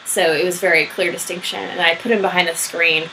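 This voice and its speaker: A young woman music therapist chatting casually over a video call, laughing often and talking in quick bursts. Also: fairly low pitch, fairly even intonation, pushed and bright, a little hiss or hum, poor audio.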